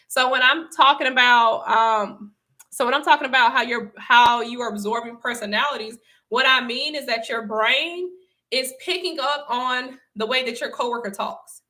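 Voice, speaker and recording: Woman, young adult, fairly high voice, bright tone, casual livestream chat, laughs often. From Southern United States. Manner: chatty, laughs often, emphatic repetition. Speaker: livestream host and speaker. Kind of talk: casual livestream talk to viewers.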